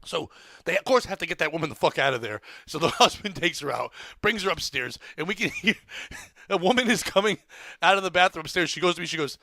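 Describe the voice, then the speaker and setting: Excitable gravelly man telling a wild story. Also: on the high side, fast, dry recording, clean studio sound. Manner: excitable, profane, acts out crowd screams. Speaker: comedian telling a story on a podcast. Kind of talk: animated storytelling.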